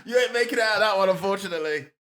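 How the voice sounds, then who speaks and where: A man's voice: sits high, rapid-fire, slight background noise. A man co-hosting a comedy podcast, chatting casually with teasing jokes and frequent laughter. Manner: animated, laughs often, teasing.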